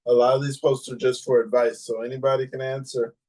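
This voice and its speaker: A man hosting a casual podcast chat, reading listener comments aloud in an even delivery. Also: medium pitch, fast. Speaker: podcast host.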